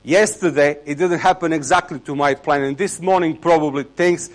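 A man with an Eastern European accent giving a sermon in plain, conversational English with halting, non-native phrasing. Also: a little high. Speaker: preacher.

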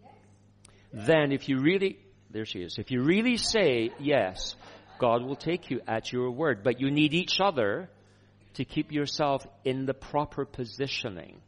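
A man preaching a sermon, telling a personal story in a lively way with chuckles. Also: medium pitch, a little slow.

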